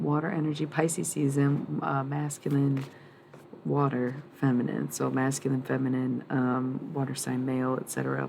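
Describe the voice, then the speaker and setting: A woman's voice: a bass voice, vocal fry, a little mellow, a little hiss or hum. A woman reading tarot cards on a livestream, rambling and blunt, swearing freely and laughing often.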